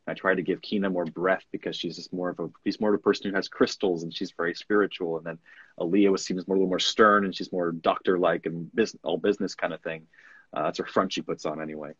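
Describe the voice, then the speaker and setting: Deep, husky male narrator, dry sound. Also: steady tone, quick pace, fairly bright tone, dry recording, lo-fi sound. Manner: candid and reflective, speaks frankly. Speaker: audiobook narrator. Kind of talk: conversational interview.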